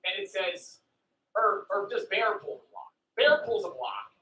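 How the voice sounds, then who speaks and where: A man's voice: high voice, a little slow, pushed and bright, recorded from a distance. A man casually retelling a story on a stream, loose and profane, full of "like" fillers. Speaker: friend telling a story on stream. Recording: echoey room, away from the mic.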